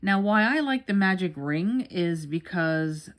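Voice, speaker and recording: A woman's voice: on the low side, lively intonation, unhurried. A middle-aged woman from New York gives a casual crochet tutorial in a rambling, chatty way, with many fillers and restarts. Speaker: crochet teacher.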